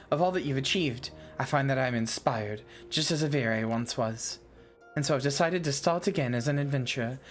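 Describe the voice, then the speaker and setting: A woman voicing a timid, grieving young female adventurer who speaks softly, formally and a little haltingly. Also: a bass voice. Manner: soft, halting, formal and polite.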